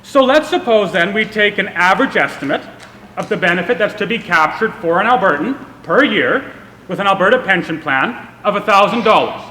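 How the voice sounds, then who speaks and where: A man's voice: high voice, lively intonation, a little fast, pushed and bright, a little hiss or hum. A young man from Canada giving a public speech, telling a humorous, self-deprecating story. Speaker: speaker. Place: event hall. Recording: echoey hall with long reverb.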